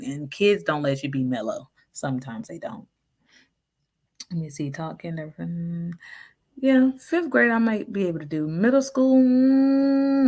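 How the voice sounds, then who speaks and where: Sassy, low-voiced woman chatting. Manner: sassy, frank, laughs often, Southern slang. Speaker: vlogger reading viewer comments. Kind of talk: casual live chat.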